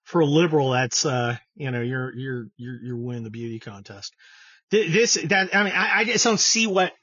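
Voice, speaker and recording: A man's voice: mid-range voice, expressive, moderate pace, pushed and bright, slightly rough, no echo, dull audio. A man giving sarcastic, scornful political commentary on his show, often stumbling and restarting his sentences. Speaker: political podcast host.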